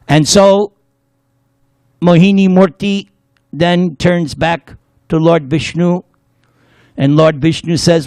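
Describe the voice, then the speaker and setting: Male spiritual lecturer, high and lively voice, playful storyteller, dry sound. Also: takes it slowly, long pauses, no echo. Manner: playful, leads the audience in call-and-response chanting; storytelling with jokes. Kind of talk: devotional class lecture.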